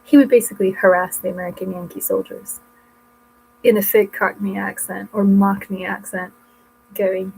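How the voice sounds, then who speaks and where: A woman's voice: mid-range voice, little pitch movement, normal speed, creaky, a little mellow, a little hiss or hum, rough recording. A woman vlogging at home in a casual, rambling way, often breaking off mid-thought as she shows her books. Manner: rambling, chatty, self-interrupting. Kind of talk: casual chat showing books.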